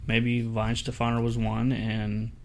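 A man's voice: mid-range voice, monotone, a little slow, a little mellow. A man with an ordinary mid-range voice talks through beers on a casual podcast. He hedges, restarts his sentences and thinks aloud. Faint room noise hums in the background. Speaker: podcast co-host. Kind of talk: casual beer-tasting chat.

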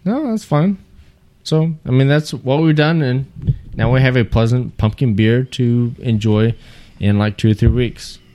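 A man's voice: mid-range voice, steady tone, unhurried, dark tone, slight background noise. A man in casual podcast chat, loosely explaining a homebrew recipe with jokes and restarts. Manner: loose and joking, with frequent restarts.

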